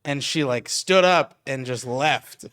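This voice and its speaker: A man hosting a podcast who tells stories in an animated way, laughing often as he goes. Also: mid-range voice, slow, clean tone. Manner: animated storyteller, laughs through his stories. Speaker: podcast host and stand-up comedian. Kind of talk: casual podcast chat.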